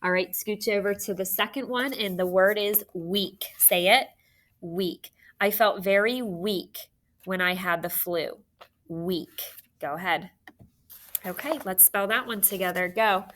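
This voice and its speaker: A woman teacher walks young students through a phonics spelling lesson. She speaks slowly, pausing to spell out letters one by one. Her voice is bright and forward. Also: medium pitch, slight background noise. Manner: slow, careful dictation, spelling out letters.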